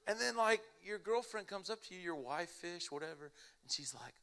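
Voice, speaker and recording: A young man preaching a casual, animated sermon, telling stories in an everyday way. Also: sits high, moderate pace. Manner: animated, casual storytelling with lots of "like".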